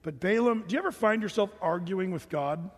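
A man's voice: high-pitched, a little fast, breathy edge, big-room sound. A man preaching a sermon as pastor. He reads scripture, explains it in a conversational way and asks the listeners questions.

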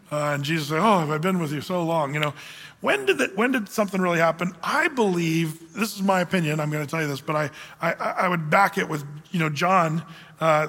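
Male pastor teaching bible verses, chatty w lots of ums, highish bright voice, long echo like a church hall. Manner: conversational, many ums and restarts, asks the congregation questions.

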